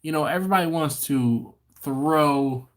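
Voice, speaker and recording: A man's voice: on the high side, a little slow. A man hosting a casual livestream, chatting and rambling, often laughing and restarting his sentences. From not from Baltimore. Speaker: livestream host. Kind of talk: casual live-stream chat.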